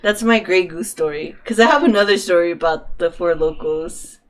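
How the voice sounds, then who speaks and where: A woman's voice: lowish voice, normal speed. A young woman co-hosting a podcast, telling a story in casual chat, often laughing and acting out the people she quotes. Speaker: podcast co-host.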